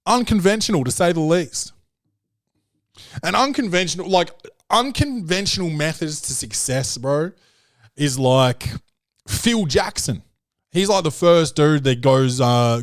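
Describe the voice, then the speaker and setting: A man's voice: mid-range voice, no room sound, clean studio sound. A man hosting a comedic podcast, rambling in a jokey, profane way and slipping into quoted voices. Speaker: podcast host. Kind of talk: comedic film-review podcast rant. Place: home podcast studio.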